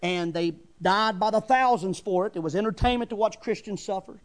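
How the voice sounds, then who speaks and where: A middle-aged preacher with a notably high voice delivers his sermon in a folksy, fervent way. He swells into loud emphatic bursts and then drops back to plain talk. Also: fairly quick.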